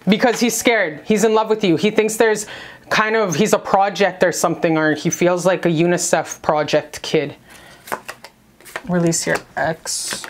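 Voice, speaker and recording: A woman's voice: lowish voice, normal speed. A woman talking straight to the viewer in a casual spiritual love reading. She is brash and cheerfully profane, hyping the listener up like a pep talk. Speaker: tarot reader.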